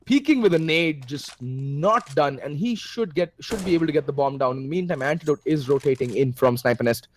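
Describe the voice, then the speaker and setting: Excitable Indian esports caster. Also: male voice, fairly quick, hardly any pauses. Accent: Indian English. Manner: excitable, with sudden jumps in pitch at big plays. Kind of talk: play-by-play commentary.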